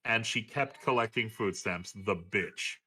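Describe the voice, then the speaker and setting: Bright-voiced man ranting casually. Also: on the low side, a little slow, slightly rough. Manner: profane, laughing, rambling. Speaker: streamer talking with a friend. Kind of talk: casual chat.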